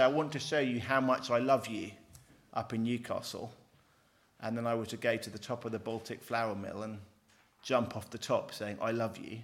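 A middle-aged man lecturing on theology from a handout, lively, with wry, self-deprecating asides. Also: mid-range voice. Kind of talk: teaching with a handout.

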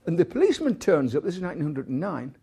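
A man's voice: fairly high pitch, sing-song, very fast, creaky, mellow, breathy edge. A man giving a rambling university lecture, full of restarts, stumbles and asides.

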